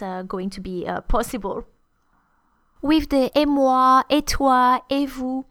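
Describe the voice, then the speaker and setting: A woman's voice: fairly high pitch, no room sound, studio quality. A woman teaching French intonation in a conversational way, often using fillers and restarting phrases. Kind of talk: explaining French intonation to learners.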